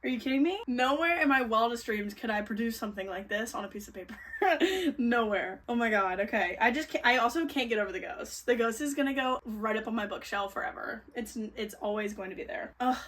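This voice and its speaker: Young woman, gushing and excitable, bright highish voice, a little off-mic in a room. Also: brisk, recorded from a distance. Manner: gushing, excitable, gasps and squeals. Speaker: book vlogger. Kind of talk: casual vlog chat.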